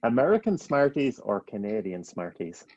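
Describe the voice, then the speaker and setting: A man hosting a podcast, firing off quick playful questions and laughing easily. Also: on the low side, sing-song, a little mellow, highs cut off. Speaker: podcast host. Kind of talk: rapid-fire interview questions.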